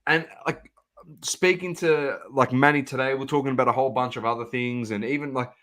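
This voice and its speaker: A man's voice: mid-range voice, fairly even intonation, fairly quick, a bit bright. A man co-hosting a casual podcast, ranting emphatically and repeating his points. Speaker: podcast co-host. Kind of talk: casual chat.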